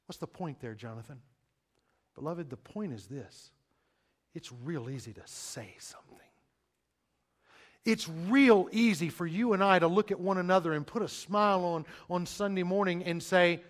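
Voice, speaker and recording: This is a male pastor's sermon with a voice pitched high. He keeps saying "beloved," throws out rhetorical questions, and alternates booming emphasis with quiet, near-whispered passages separated by lengthy pauses for effect.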